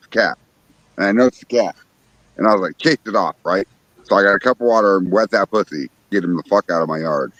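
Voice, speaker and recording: Deep-voiced man telling a backyard story. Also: fairly bright tone, no room sound, rough recording. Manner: profane storytelling, acts out other people's lines. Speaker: livestream host. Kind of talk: casual livestream chat. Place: outdoors in his backyard at night.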